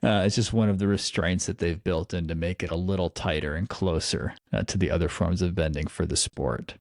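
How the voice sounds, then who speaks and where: A man narrating as game master, in loose, easygoing speech full of fillers and quick asides. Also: low voice, fairly even intonation, creaky, no echo, clean studio sound.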